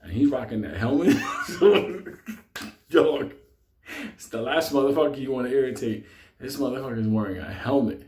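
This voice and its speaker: New guy, mid-pitched, profane and animated raconteur, roomy echoey recording. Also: moderate pace, long pauses. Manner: profane, animated, laughs often. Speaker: storyteller. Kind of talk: casual storytelling.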